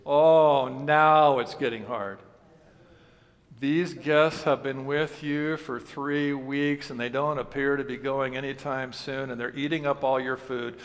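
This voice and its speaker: A man's voice: mid-range voice, fairly even intonation, a little slow. A male pastor preaching a sermon in a conversational way, asking the congregation questions and mixing in humor. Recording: long reverb of a large hall.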